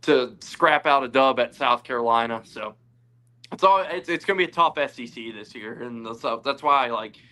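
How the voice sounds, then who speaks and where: A man's voice: mid-range voice, moderate pace, pushed and bright. A young man co-hosting a casual sports chat, talking loosely with lots of fillers. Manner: loose, filler-heavy talk. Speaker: co-host.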